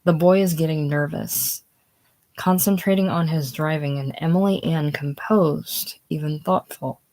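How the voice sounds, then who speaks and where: A woman's voice: low voice, measured pace, a little mellow, poor audio. A woman casually reading the stage directions of a screenplay aloud. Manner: reads stage directions plainly. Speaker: reader.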